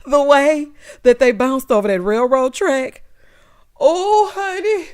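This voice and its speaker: A woman's voice: sits high, animated, slow pace. A woman giving a casual, sassy recap of a reality show, talking straight to her viewers.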